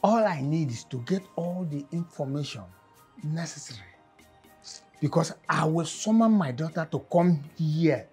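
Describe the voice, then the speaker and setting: A money-minded, calculating mother in a film drama. Her low voice is dark and very husky. Faint music sits under the dialogue. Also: expressive, a little slow, heavily acted. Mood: scheming. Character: calculating Nigerian mother, curious about money.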